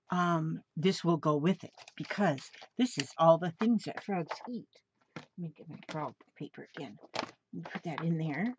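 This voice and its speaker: Woman crafter, gushing show-and-tell, unhurried pace, faint hiss behind. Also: on the low side, a little mellow. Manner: gushing, exclaims often. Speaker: crafting vlogger. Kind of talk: casual show-and-tell of a mail package. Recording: slightly dull home recording with faint noise.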